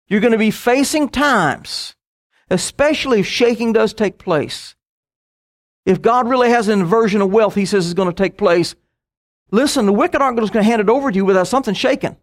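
A middle-aged man preaching a sermon, telling stories with quick asides and bursts of emphasis. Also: sits high.

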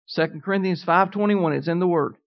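On a dull, lo-fi recording, a preacher gives a sermon at a fairly quick pace in a medium-pitched voice. His declarations come again and again with mounting emphasis, and he asks the congregation questions.

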